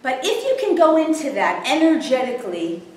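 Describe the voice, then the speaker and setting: Woman teaching a live group, high voice, keeps asking if the audience follows, distant mic, very echoey room. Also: very animated, fairly quick, slight background noise. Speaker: spiritual workshop teacher. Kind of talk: live workshop talk to a group.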